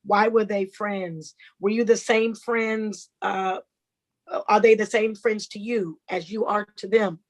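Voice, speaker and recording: A woman's voice: mid-range voice, steady tone, slow. A woman, hosting a talk show and gushing over her guest. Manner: effusive, gushing. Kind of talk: enthusiastic interview hosting.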